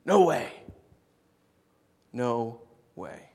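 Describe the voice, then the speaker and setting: A man's voice: a little high, moderate pace. A man preaching a sermon, telling stories playfully with big swings in his voice. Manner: animated, playful storytelling with big vocal swings. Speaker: pastor. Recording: long reverb of a large hall.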